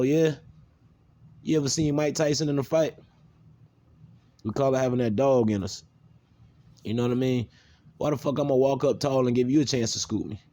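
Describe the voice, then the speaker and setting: A man's voice: medium pitch, mellow. A man from the South, talking bluntly and profanely in an unscripted video monologue. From American South. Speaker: video maker.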